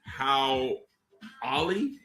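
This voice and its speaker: Unhurried man greeting his livestream chat. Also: medium pitch, sing-song, soft background music. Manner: slow, drawn-out shout-outs with laughs. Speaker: livestream host.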